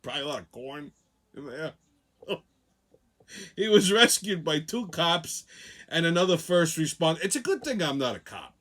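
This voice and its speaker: A man's voice: a little high, sing-song, moderate pace, pauses often, fairly bright tone. A middle-aged man hosting a comedic news rant, profane and sarcastic, laughing at his own jokes. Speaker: host.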